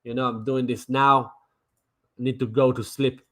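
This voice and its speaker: A man's voice: medium pitch, little pitch movement, measured pace, a bit bright. A man streaming crypto trading commentary in a brash, mocking way, swearing and repeating himself. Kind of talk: casual livestream commentary.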